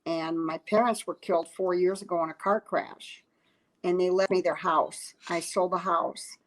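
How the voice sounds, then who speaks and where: A woman's voice: on the low side, steady tone, moderate pace, poor audio. A woman, a comedian telling a story in a casual chat, acting out quotes and laughing often. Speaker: comedian guest.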